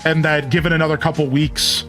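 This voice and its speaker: A man with a slightly high voice chats loosely during a live stream, rambling on and answering his viewers as he goes. Soft game music sits faintly behind him. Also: level tone, brisk. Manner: rambling, chatty, reads out chat messages. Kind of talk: casual live-stream chat.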